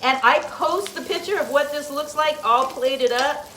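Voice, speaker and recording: In an echoey home kitchen with faint sizzling from a pan, a middle-aged woman hosts a casual cooking demonstration. Talkative and quick to laugh, she speaks directly to viewers at a moderate pace. Her high-pitched voice has a fairly bright tone over slight background noise.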